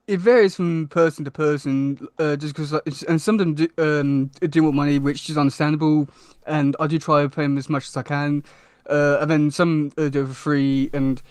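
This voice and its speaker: A man's voice: on the high side, a little fast, dry recording. A young man with a British accent, a podcast guest chatting casually, hesitant with many fillers and restarts. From Britain.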